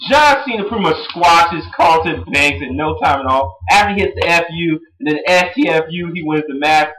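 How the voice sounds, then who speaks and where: Young man, casual rambling recap, excitable, mimics quotes, roomy echo. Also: on the high side, fairly quick. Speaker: wrestling show reviewer. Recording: echoey room.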